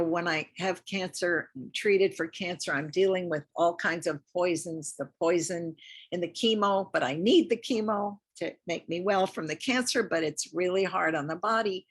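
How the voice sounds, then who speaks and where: Husky and fairly low, this older woman's voice carries a lymphedema lecture in a community center room. She chats, encourages her audience, and frequently repeats herself to drive points home.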